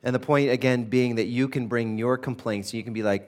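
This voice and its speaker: Guy preaching a sermon, chatty and emphatic, slows way down on the bible quotes. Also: mid-range voice, steady tone. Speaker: pastor. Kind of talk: sermon teaching on a psalm.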